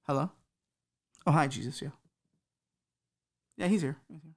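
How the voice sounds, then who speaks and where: A woman's voice: deep voice, a little slow, darkish tone, slightly rough, full character voice. A woman voicing a bored, laid-back male Satan who talks in offhand slang. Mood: chatty. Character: bored casual male Satan ruling hell.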